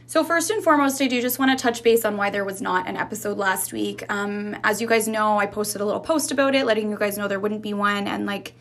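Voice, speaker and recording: A woman's voice: medium pitch, fast, hardly any pauses, a bit bright. Casual woman podcaster with a slight lisp. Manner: chatty, swears freely, many fillers. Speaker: podcast host. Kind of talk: casual solo podcast chat.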